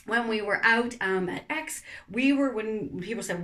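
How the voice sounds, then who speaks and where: Give me a woman podcast host talking earnestly from her couch at home, in a middle pitch. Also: lively intonation, moderate pace, pushed and bright. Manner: earnest, emotional, repeats herself. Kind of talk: candid personal talk to camera.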